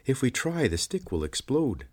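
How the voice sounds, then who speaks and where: A man voicing a polite, formal nonhuman cave creature who guides the hero, speaking stiffly and formally, in a husky voice. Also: mid-range voice, sing-song, normal speed, darkish tone, voice pushed up. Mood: formal, earnest. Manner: formal, stiff, calls him sir. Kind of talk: audiobook character voice.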